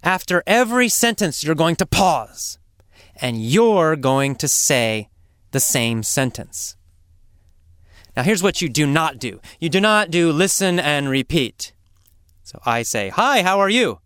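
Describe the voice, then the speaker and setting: A man gives a spoken English lesson with a lively, rising and falling voice, leaning hard on key words and slowing down for emphasis. His tone is smooth and clear, recorded close and dry with no room sound. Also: fairly high pitch, no room sound. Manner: slow, emphatic, deliberate delivery with dramatic hushed asides. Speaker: English teacher.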